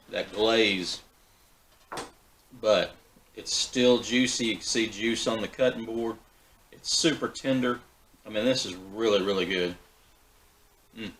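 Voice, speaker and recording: A man hosting a backyard barbecue vlog, talking in a relaxed, folksy way with fillers and restarts. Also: lowish voice, a little hiss or hum, low-quality recording. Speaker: backyard BBQ channel host. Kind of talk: casual cooking vlog.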